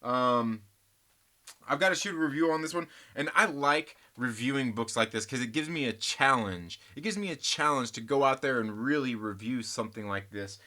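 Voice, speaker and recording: A man's voice: mid-range voice, moderate pace, sharp tone. A man hosting a comic book channel, chatting casually and rambling, joking and teasing and addressing viewers as guys. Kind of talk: casual rambling vlog chat.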